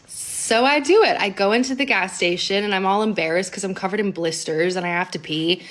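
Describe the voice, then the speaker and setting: A woman's voice: mid-range voice, a little fast, few pauses, fairly bright tone. A young adult woman narrating a personal story in a casual storytime chat, full of fillers and wry asides.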